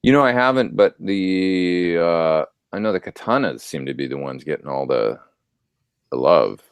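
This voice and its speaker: Very deep, dry-sounding man chatting casually. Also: moderate pace, clear, resonant tone, no room sound. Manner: relaxed, rambling with many fillers. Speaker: guest guitarist. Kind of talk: casual chat.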